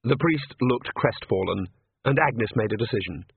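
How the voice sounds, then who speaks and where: A man narrates a novel in a measured, dryly wry way. His voice is husky, and the sound is dry and close. It comes through a thin, phone-like band. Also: medium pitch, expressive, no room sound. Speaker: audiobook narrator. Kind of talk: scripted narration. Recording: tinny phone-like audiobook recording.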